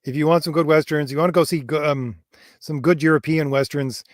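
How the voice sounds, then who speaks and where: Guy co-hosting a livestream, kinda high voice, dry sound, lots of um and quite honestly. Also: steady tone, no echo. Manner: earnest, fills pauses with um and quite honestly. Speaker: co-host and author. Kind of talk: casual livestream chat.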